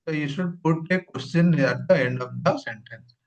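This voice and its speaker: A man's voice: a little high, creaky. A man teaching English punctuation in class, repeating example sentences and spelling out each rule. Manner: slow, repeats examples, gives plain rules. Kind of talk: classroom grammar lesson. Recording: dull lo-fi sound.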